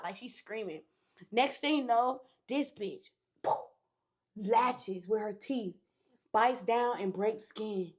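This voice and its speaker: Speaking slowly in a mid-range voice, a young podcast guest recounts a story with plenty of slang and swearing, punctuated by loud shouts.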